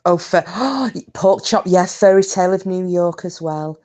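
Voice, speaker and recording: A woman's voice: lowish voice, little pitch movement, moderate pace, dark tone. Woman, stream host, chatty, swears, laughs at herself. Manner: chatty, swears freely, self-mocking. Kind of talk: casual chat and storytelling with viewers.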